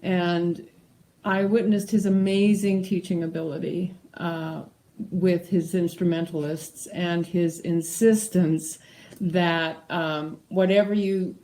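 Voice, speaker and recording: Mellow-voiced woman recalling a teacher. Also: lowish voice, fairly even intonation, slow pace, poor audio. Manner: warm, reflective, with fillers. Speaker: singer paying tribute. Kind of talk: spoken tribute.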